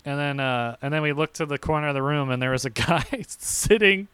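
A young man co-hosting a podcast, telling animated stories in casual chat and acting out quotes with sudden yelps. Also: fairly high pitch, a little fast, clear, resonant tone, dry recording. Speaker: podcast co-host.

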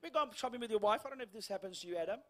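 A man preaching a sermon in a church, telling a funny story and acting out the lines of the people in it, with quoted voices sinking to a hush. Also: sits high, animated, rapid-fire. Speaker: guest preacher.

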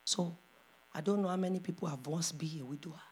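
A pastor's wife preaching a sermon, moving from hushed storytelling to loud, impassioned calls. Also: female voice, low voice, quick pace.

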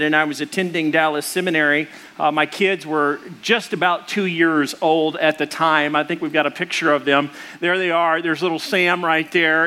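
A man preaching a sermon, telling a story in a loose, conversational way and acting out the voices in it. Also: a little high. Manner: animated, acts out the voices in his story; conversational, with fillers and restarts. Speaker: pastor.

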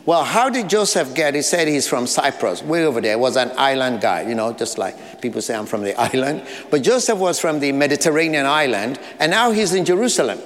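A man's voice: a little high, big pitch swings, fairly quick, hardly any pauses, a bit bright, in a large hall. A man with an African accent, preaching a sermon as pastor, earnest, with short repeated phrases and light asides. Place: church sanctuary.

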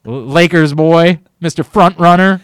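A man's voice: a little high, measured pace, clear, resonant tone, dry recording. A man hosting a sports radio show in casual chat, brash and teasing, swinging between mock outrage and laughter into a studio microphone.

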